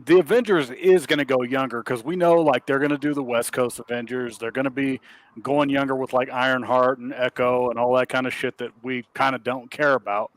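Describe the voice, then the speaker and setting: A jokey man in casual movie-review banter, quick to agree and crack a gag. The recording is dry and close, with no room sound. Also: medium pitch, fairly even intonation, no echo. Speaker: podcast co-host.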